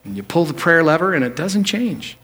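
A male pastor preaching a sermon at a church service, swinging between loud emphatic peaks and quiet low asides. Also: big pitch swings, fairly quick.

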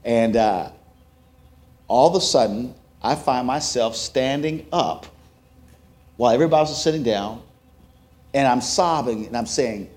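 A man giving a sermon testimony, telling a story with acted-out quotes that rise to loud, emotional peaks. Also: medium pitch, expressive, measured pace, pauses often. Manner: self-described introvert, plain conversational delivery. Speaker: preacher.

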